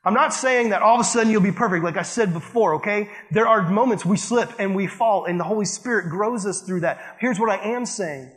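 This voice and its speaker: High-voiced man preaching casually. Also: fairly quick, few pauses, fairly bright tone. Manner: casual, conversational, heavy use of "like". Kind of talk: sermon with storytelling.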